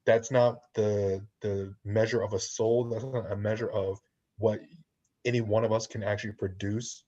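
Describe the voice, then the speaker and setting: A man's voice: on the low side, level tone, normal speed, mellow. A man co-hosting a casual panel chat, talking in a reflective, philosophical way. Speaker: podcast co-host. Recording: lo-fi online call audio.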